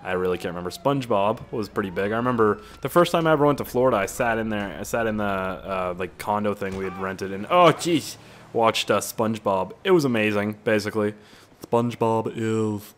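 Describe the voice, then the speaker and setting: A man giving casual, rambling gameplay commentary, excitable and swearing often. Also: on the low side, brisk, a little hiss or hum. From Canada. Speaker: gaming YouTuber.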